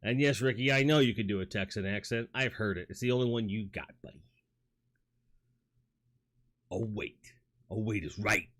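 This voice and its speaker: A man's voice: fairly low pitch, normal speed, pauses often. Rambling man with a New York accent. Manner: rambling, reads chat aloud, frequent fillers and restarts. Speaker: livestream host. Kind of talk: casual livestream chat. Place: home toy room. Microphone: studio microphone.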